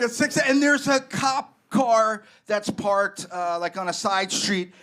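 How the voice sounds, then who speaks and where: A man telling a comic personal story on a live comedy stage, animated and rambling, with lots of fillers. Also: sits high, takes it slowly, few pauses, noisy background. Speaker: guest storyteller.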